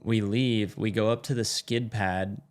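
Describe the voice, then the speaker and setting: Speaking at a measured pace in a lowish, steady voice, a man who races motorcycles recounts a story as a guest. He's easygoing about it, cursing often and leaning on "like" as filler.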